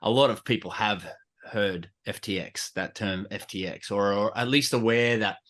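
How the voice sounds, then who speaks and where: Low-voiced man co-hosting a podcast, rambling and jokey. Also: normal speed, a bit bright. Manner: rambling, joking, crude. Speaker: podcast co-host. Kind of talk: casual podcast chat. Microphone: video call.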